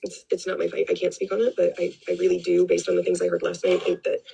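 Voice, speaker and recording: Woman commentator, gravelly and husky; blunt, rambling live-stream opinions with plenty of swearing. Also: fairly low pitch, big pitch swings, fast, mellow, poor audio. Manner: rambling, blunt, swears freely, repeats herself.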